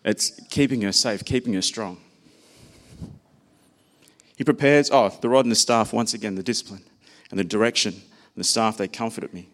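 A man's voice: on the low side, moderate pace. A man preaching a sermon, speaking personally and conversationally and sharing stories about his own children.

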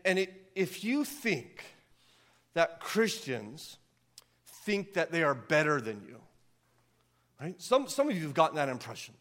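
A pastor delivers an impassioned, earnest sermon, his voice on the high side. He builds almost to yelling, then softens again.

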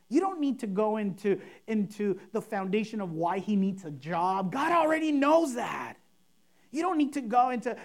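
A woman's voice: mid-range voice, big pitch swings, moderate pace, darkish tone. A woman pastor preaching a sermon, emphatic and repetitive, acting out showy and simple prayers to make her point. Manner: emphatic, repeats key phrases, mimics overblown prayers.

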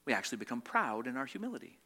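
Man, pastor delivering a sermon; bright, forceful voice; rhetorical questions, repeats lines, swings loud to hushed. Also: medium pitch, big pitch swings. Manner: swings between loud emphatic peaks and quiet, slowed reflective passages.

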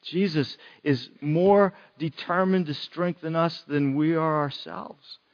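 A man's voice: on the high side, slow, lo-fi sound. A man preaching a sermon in an earnest way, repeating phrases for emphasis.

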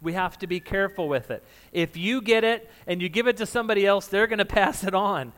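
A man with a fairly high voice preaching a sermon, loud by his own account. He talks to the congregation in a casual, conversational way. He jokes with them and laughs along. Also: a little fast. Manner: says of himself that he is loud. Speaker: pastor.

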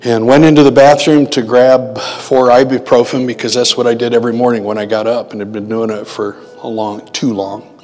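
A male preacher shares a testimony from the pulpit in a relaxed, conversational voice at a middle pitch. He slows down and leans on key words when he quotes. A long reverb from a big hall trails behind each phrase. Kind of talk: sermon testimony storytelling.

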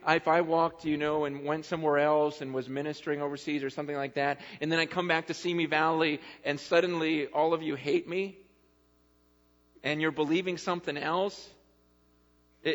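A man preaching a sermon as pastor, moving between loud animated appeals and quiet, intimate talk. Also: on the high side, normal speed. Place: church hall. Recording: dull hall recording with mains hum.

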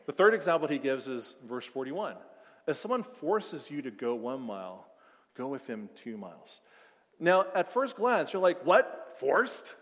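A man preaching a sermon, acting out everyday scenes, swinging from loud outbursts to soft emphasis. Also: mid-range voice, very animated, moderate pace, big-room sound. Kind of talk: sermon with acted-out scenarios.

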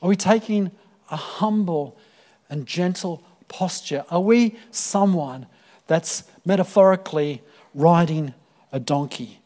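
A man preaching to his congregation in a high, bright-toned voice. He is earnest and storytelling, often pausing on "um" and restarting phrases before he lands his point. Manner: earnest, with many fillers and repeated words. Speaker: pastor. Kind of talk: sermon.

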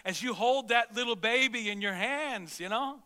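A middle-aged man preaching a sermon as pastor, animated, swinging between loud exclamations and soft, low asides. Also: normal speed. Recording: long reverb of a large hall.

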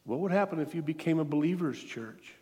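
A man's voice: fairly high pitch, expressive, brisk, a little mellow, big-room sound. A middle-aged man preaching an emotional sermon, earnest and pleading as he tells a story, tearful at times. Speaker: guest preacher. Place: church sanctuary.

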